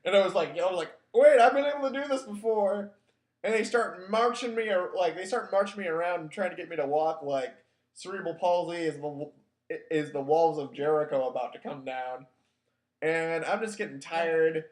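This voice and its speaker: A man's voice: a little high, moderate pace. A man with a slightly raised voice tells a story from his own life in a loose, wry, self-mocking way, peppering it with filler words. He sounds like a show host chatting casually. The recording has an echoey, roomy sound. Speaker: podcast host. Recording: echoey room.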